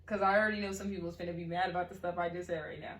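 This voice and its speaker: A woman's voice: fairly low pitch, level tone, rapid-fire. A young woman telling a rambling, giggly story to the camera in casual chat. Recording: echoey room, faint noise.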